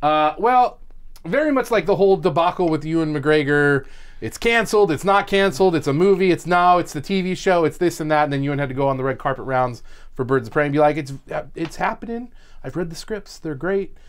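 A man's voice: fairly high pitch, fast talker, clean tone. A young adult man co-hosting a casual podcast chat, rambling through stories and laughing often. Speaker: podcast co-host.

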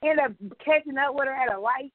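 A woman's voice: high voice, fast talker, no room sound, narrow, tinny audio. A pregnant woman co-hosting a podcast, telling a story in casual chat and swearing freely. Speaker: podcast co-host.

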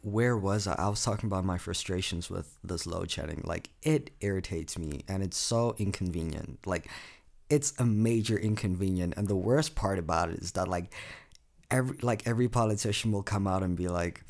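An eighteen-year-old man from South Africa talks through his own podcast in a low, gravelly voice. He rambles loosely, leaning on fillers and swearing freely. The delivery is an unscripted solo monologue. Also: fairly quick, darkish tone. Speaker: podcast host.

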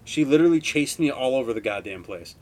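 A man's voice: medium pitch, lively intonation, fast talker. A man in his twenties from Wisconsin, hosting a podcast and telling stories in a rambling, heavily profane, laid-back way. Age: 20s. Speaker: podcast host. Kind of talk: casual storytelling monologue.

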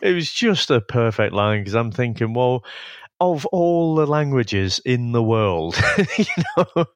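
A man's voice: mid-range voice, animated, a little slow, dry recording. A man, co-hosting a film review podcast in casual, chatty talk with frequent laughs and restarts. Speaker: podcast co-host.

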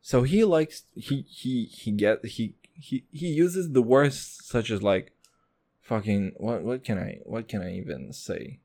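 A man from Kazakhstan hosting his own podcast, ranting casually with lots of swearing and excitement. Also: mid-range voice, measured pace. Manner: profane, rambling, excitable. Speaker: podcast host. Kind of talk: casual solo podcast rant.

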